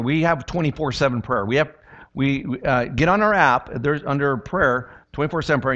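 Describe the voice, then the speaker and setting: A man's voice: mid-range voice, fairly bright tone. Man preaching a casual sermon, lo-fi sound. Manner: conversational preaching with jokes and repeated questions. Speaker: pastor. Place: church.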